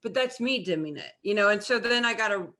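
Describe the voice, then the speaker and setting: Bright-voiced earnest woman co-host. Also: mid-range voice, expressive, fast. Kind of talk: candid personal storytelling.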